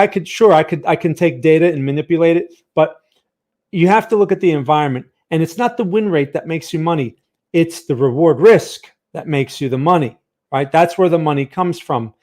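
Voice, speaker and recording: A man's voice: fairly high pitch, brisk, darkish tone. A man hosting a live market analysis stream, chatty and tired, who often asks "right?" and talks close to a microphone. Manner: chatty, reads viewer chat aloud, asks "right?" often. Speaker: trading channel host. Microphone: close studio microphone.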